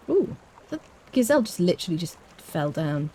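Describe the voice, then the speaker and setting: A Scottish woman chatting playfully to viewers as she plays and guides a game, with careful, clear enunciation. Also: on the low side, lively intonation, normal speed, warm tone. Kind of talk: casual live-stream gameplay commentary.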